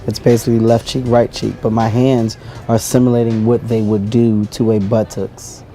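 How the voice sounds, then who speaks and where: A man giving a deadpan, mock-serious interview answer in a comedy bit. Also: on the low side, normal speed, music in the background. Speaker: interview guest.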